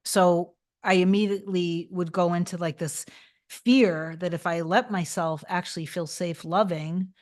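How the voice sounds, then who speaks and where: A woman on a casual livestream, reading and answering chat. She talks in a rambling, chatty way, restarts a lot and turns soft and reassuring when she gives advice. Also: on the low side, fairly even intonation, a little slow. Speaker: manifestation coach answering live chat.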